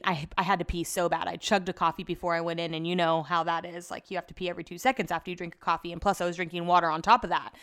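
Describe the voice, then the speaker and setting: A woman's voice: on the low side, a bit bright. A young woman hosting a podcast in casual chat, telling stories in an exasperated, chatty way, swearing and laughing at herself. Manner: laughs at herself mid-story. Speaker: podcast host.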